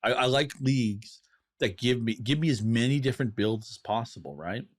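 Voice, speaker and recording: A man's voice: medium pitch, moderate pace. A man co-hosting a casual sports podcast, making his points with playful rhetorical questions. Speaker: podcast co-host. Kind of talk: casual fantasy football chat.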